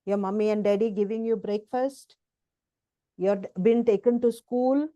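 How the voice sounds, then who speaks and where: A woman's voice: mid-range voice, fairly even intonation, moderate pace, warm tone, no echo, highs cut off. A woman teaching children about the Bible, coaxing them along, repeating phrases and often checking that they are listening.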